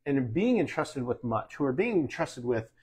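A man's voice: medium pitch, big pitch swings, normal speed, a little mellow, husky. A middle-aged American man, a pastor, teaching in a casual, folksy way with sports analogies and calls of "Amen?". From United States. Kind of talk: conversational sermon teaching.

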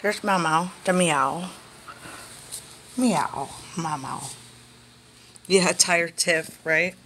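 A woman with a lowish voice talks slowly and softly on a live stream, coaxing her sleepy pets in gentle baby talk. A faint hum sits behind her. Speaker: chinchilla breeder streaming live. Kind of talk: casual live stream talking to pets and viewers.

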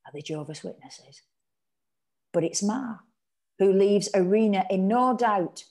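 An English woman reading a short story aloud from home, measured and sometimes hushed. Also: mid-range voice, animated. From England.

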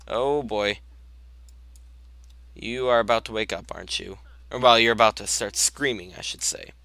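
Bright-voiced young man narrating gameplay. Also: on the low side, creaky. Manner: chatty, talks to his sims, exasperated outbursts. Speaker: gameplay commentator. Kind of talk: casual let's-play commentary.

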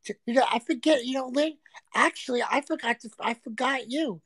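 A woman's voice: sits high, fairly quick, a bit bright, no echo. Brash, crude-talking woman livestreaming. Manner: brash, crude, teasing banter. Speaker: livestream host. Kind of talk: casual livestream chat. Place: a friend's home.

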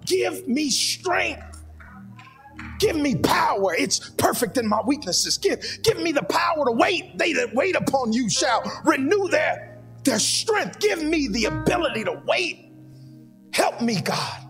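A man's voice: very high voice, sing-song, measured pace, creaky. A man preaching a sermon in a church, with fervent, prayerful repeated pleas. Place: church sanctuary. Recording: long hall reverb with soft music behind.

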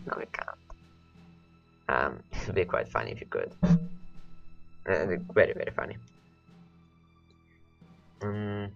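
Here the let's play host sounds lowish, gravelly, and fairly bright, in a muffled recording. His voice is worn and cracking after hours of talking as he rambles along, repeating words while speaking to his units.

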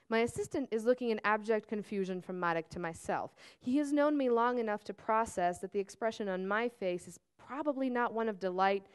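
A woman from Serbia, an author, reading her novel aloud in a measured, steady first-person narration at a museum auditorium. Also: mid-range voice, clear, resonant tone.

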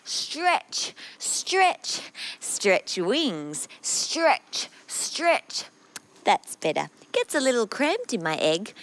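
A woman's voice: on the high side, sing-song, very slow, fairly bright tone, pitched below the performer's own voice, heavily acted. Kids' TV chick, fresh out of the egg, bouncy and cheepy, swooping all over, woman doing the voice. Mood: playful. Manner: sing-song, cheeping. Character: playful newly hatched chick stretching.

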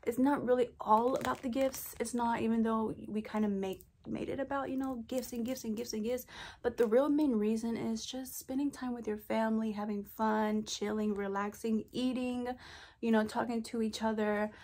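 A woman's voice: a little high, steady tone, moderate pace, a little mellow. Chatty young woman vlogger. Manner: chatty and playful, calls viewers girl. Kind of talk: casual vlog chat.

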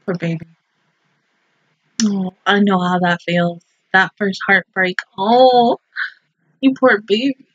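Husky, emotional woman reacting. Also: medium pitch, fairly even intonation, takes it slowly, pauses often, dry recording, lo-fi sound. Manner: emotional, exclaiming, slangy and swearing. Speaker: anime reaction host. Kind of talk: casual reaction commentary.

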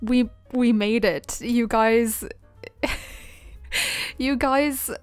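A woman streaming a life-sim game, gushing and giggling, close to tears with excitement. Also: on the high side, extremely slow, clean tone, dry recording, soft background music. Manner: giggly, gushing, laughs often. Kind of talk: excited livestream chat.

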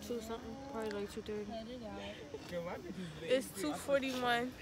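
Young woman vlogger, slangy, laid-back, higher voice, noisy phone audio outdoors. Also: fairly even intonation, moderate pace. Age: young adult. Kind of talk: casual vlog chat. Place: outdoors on a college campus at night.

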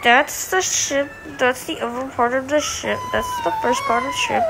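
A woman giving excited, chatty gameplay commentary who repeats herself when things get tense. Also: sits high, moderate pace, hardly any pauses. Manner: chatty, exclaims and repeats itself under stress. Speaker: gaming video narrator. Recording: loud background noise.

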